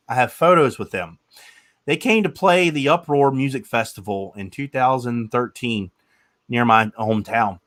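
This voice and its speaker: A man's voice: mid-range voice, fairly bright tone. A man in his thirties hosting a casual chat, telling rambling stories and swearing casually. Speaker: podcast host.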